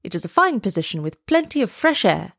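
A woman's voice: medium pitch, very animated, fairly quick, creaky, no room sound, studio quality. A woman voicing a proud, fussy little male swallow in a storybook, lofty and chirpy. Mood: fussy, huffy. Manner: chirpy, lofty and self-important.

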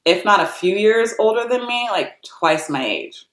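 A woman's voice: lively intonation, normal speed, fairly bright tone. An American woman telling a personal travel story in a chatty, casual way, with many "like"s and acted-out quotes. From United States. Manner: chatty, lots of "like", acts out quotes in a higher voice. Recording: roomy echo.

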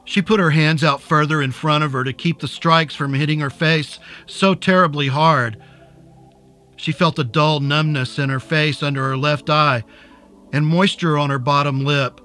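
A man narrating a dark serial story in a measured, deliberate way, and hosting the episode. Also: on the high side, steady tone, soft background music. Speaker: narrator and host.

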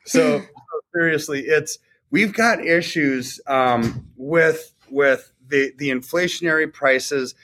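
A man's voice: fairly high pitch, slow, a bit bright. A man co-hosting a talk show, explaining economics casually and checking in with frequent rhetorical questions. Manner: conversational, explains with rhetorical "right?" tags. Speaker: podcast co-host.

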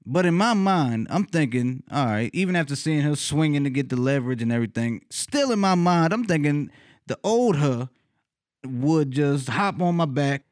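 A man casually telling a funny personal story, cursing freely, laughing often and leaping up in pitch when he retells his reactions. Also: expressive, moderate pace, no echo, clean studio sound. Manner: laughs often mid-sentence.

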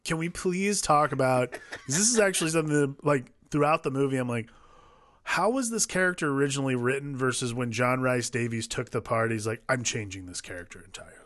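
A man's voice: mid-range voice, brisk, fairly bright tone, dry recording. A man with a mid-range voice talking through a movie in loose, rambling stretches. His sound is close and dry. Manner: rambling, many fillers and restarts. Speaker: podcast co-host. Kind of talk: casual film-review chat.

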